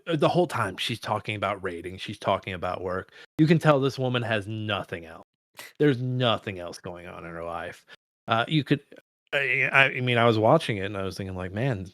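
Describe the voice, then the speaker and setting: A man co-hosting a film podcast, talking in a profane, excitable, rambling way. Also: mid-range voice, dry recording, studio quality. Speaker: podcast co-host. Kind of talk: casual film discussion.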